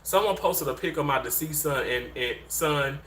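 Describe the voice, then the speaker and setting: A man in his thirties hosting a casual livestream and reading viewer comments, animated and emotional, dropping low and earnest then jumping high and excited, recorded on handheld mics in a room at home. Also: moderate pace. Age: 30s. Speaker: livestream host. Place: indoor room with a bed. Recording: echoey room, faint background noise.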